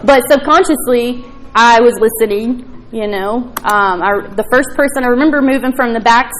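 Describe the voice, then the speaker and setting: A woman gives her personal testimony at a recovery meeting, speaking frankly and swearing freely as she tells her story. Her voice sits a little high, and a faint room ambience hums behind her. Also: moderate pace, slight background noise, rough recording. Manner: candid and profane, plain storytelling with frequent fillers.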